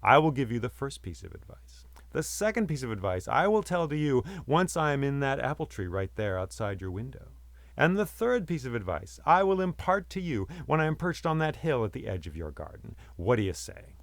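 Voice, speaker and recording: A man's voice: medium pitch, sing-song, fairly quick, dry recording. A man voicing a clever, chatty male songbird that teases and coaxes a human in a spoken folktale. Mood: coaxing. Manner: chatty, teasing, talks the man round. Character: cheeky talking male songbird, clever trickster.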